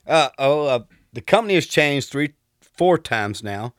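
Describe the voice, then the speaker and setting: A man's voice: medium pitch, animated, unhurried, clear, resonant tone, no echo, studio quality. A man in his thirties from Texas with a Southern accent, telling stories as a podcast guest in an easygoing, polite way. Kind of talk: casual storytelling.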